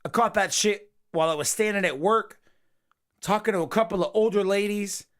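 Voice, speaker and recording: A man hosting a casual late-night podcast, swearing a lot and swinging from low mumbles into shouted rants. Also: brisk. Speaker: podcast host.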